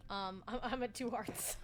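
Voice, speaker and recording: A young woman in her twenties talks casually through a gaming stream, rambling and giggling as she goes. Her voice sits a bit high, and music plays quietly behind her. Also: unhurried. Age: 20s.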